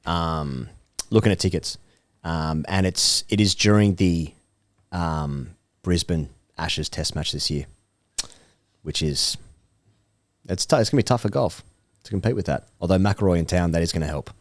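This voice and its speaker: A man's voice: sits low, moderate pace, pauses often, dry recording. An Australian man co-hosting a sports podcast, chatting casually and hesitantly with many fillers. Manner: hesitant, filler-heavy chat. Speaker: podcast co-host. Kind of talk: casual chat.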